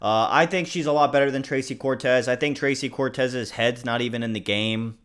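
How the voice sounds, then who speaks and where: A man's voice: medium pitch, brisk, fairly bright tone, clear, resonant tone. A man hosting a casual fight prediction video, rambling, blunt and joking at his own slips. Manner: rambling, blunt, swears, jokes at himself. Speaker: host giving fight predictions. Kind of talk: casual commentary.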